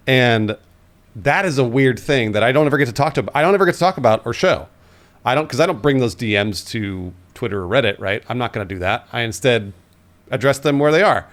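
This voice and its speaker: A man in his thirties with a mid-range voice, speaking earnestly about his own experiences in a relaxed podcast conversation. He tells his stories with energy and conviction. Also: mid-range voice. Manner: earnest, animated storytelling. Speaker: podcast co-host. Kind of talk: casual chat.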